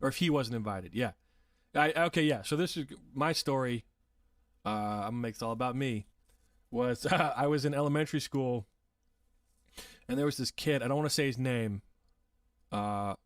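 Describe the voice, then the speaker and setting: A man's voice: mid-range voice, no echo, studio quality, far from the mic. A man hosting a casual livestream, reading viewer comments and rambling in a self-deprecating way, laughing often and swearing. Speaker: livestream host.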